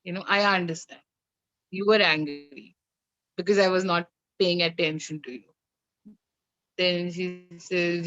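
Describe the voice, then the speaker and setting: A woman's voice: fairly low pitch, unhurried, pauses often, no room sound. Woman guest, candid storyteller, slightly muffled lo-fi video-call audio. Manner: animated, recounts with acted-out dialogue and laughs. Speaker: guest, mother and coach. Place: home. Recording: slightly dull lo-fi sound.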